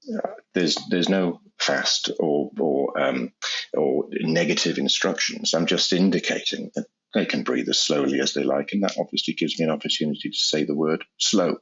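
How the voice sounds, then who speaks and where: Man, anesthesiologist guest, very deep voice, husky, measured explaining, lo-fi sound. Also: a bit bright. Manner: measured, repeats words when restarting. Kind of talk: explanatory interview talk. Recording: dull lo-fi sound.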